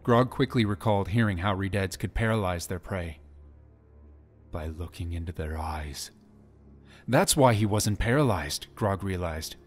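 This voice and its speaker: Low-voiced man narrating an audiobook. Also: a little slow, faint music behind. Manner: dramatic storytelling. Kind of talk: scripted narration.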